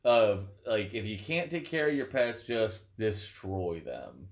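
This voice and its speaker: A man's voice: fairly low pitch, big pitch swings, slow. Laid-back man prompting his co-host. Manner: laid-back, prompting, lots of short agreements. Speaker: podcast co-host. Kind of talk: casual podcast chat.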